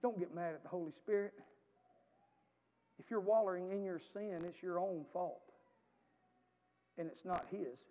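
Male pastor, high-pitched, folksy sermon delivery that climbs to fervent shouting; long reverb, muffled lo-fi capture. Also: unhurried, pauses often. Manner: folksy storytelling that builds to impassioned shouting. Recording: echoey hall, dull lo-fi sound.

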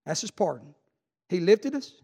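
A preacher with a strikingly high voice delivers an impassioned sermon, his pitch leaping up and down as he builds to fervent calls. His words ring out in the long reverb of a church hall. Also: big pitch swings, moderate pace, gravelly, dark tone, breathy edge. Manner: impassioned, rising to fervent exclamations. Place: church sanctuary.

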